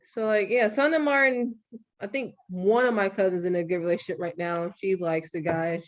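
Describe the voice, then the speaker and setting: A young adult woman hosting a podcast, talking frankly and with some profanity in an animated, storytelling way. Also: fairly low pitch, a little fast, muffled recording. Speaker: podcast host. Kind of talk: candid podcast conversation.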